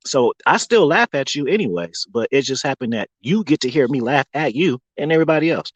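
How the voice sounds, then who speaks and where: A man livestreaming in a casual rant, animated and mocking, breaking into laughter often. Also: mid-range voice, fairly quick, hardly any pauses, no room sound, rough recording.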